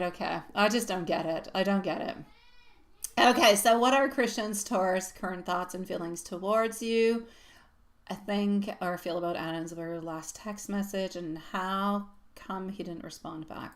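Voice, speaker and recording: A woman's voice: medium pitch, lively intonation, moderate pace, fairly bright tone. Affectionate woman tarot reader. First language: French. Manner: affectionate, calls viewers sweetie and love. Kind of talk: casual live-stream chat. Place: at home.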